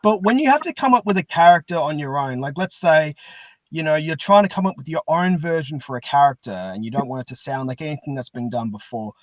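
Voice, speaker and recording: A man's voice: on the high side, animated, fast talker, no echo, rough recording. A man hosting a podcast, asking long eager questions with laughter. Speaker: podcast host. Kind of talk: casual interview chat.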